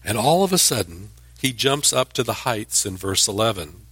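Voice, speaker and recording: A man's voice: fairly low pitch, sing-song, moderate pace, fairly bright tone, breathy edge, no echo. A man teaching scripture verse by verse. He explains as he goes, restarting some words and lifting his voice for emphasis. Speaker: Bible teacher.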